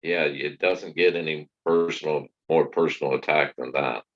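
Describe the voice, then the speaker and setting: A man co-hosting a casual chat, speaking calmly and with some hesitation. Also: very deep voice, normal speed, muffled recording.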